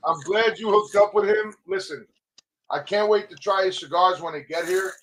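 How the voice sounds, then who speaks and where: A male podcast host telling a story in an animated, profane way. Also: high voice, normal speed, low-quality recording. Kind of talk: casual podcast chat.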